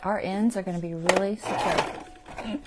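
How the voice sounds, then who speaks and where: A woman's voice: medium pitch, fairly even intonation, unhurried, heavy background noise. Self-mocking woman muttering while sewing. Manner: self-deprecating, talks to herself while sewing. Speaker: craft channel host. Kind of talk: casual livestream crafting talk. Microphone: clip-on mic.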